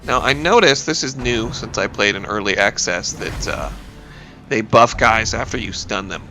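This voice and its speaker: A man's voice: on the low side, animated, normal speed, sharp tone, soft background music. A man in his thirties with a sniffly cold, chatting casually and rambling as he plays a video game and talks to his characters. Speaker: gaming YouTuber and teacher. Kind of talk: let's play commentary.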